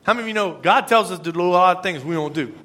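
A man preaching a sermon in a casual, conversational way, swinging between loud asides and hushed emphasis. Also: high voice, rapid-fire. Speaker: pastor.

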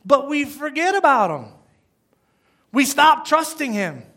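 A man preaching a sermon as pastor, acting out quoted lines and swinging between loud bursts and hushed asides. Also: very high-pitched, big pitch swings, a little slow.

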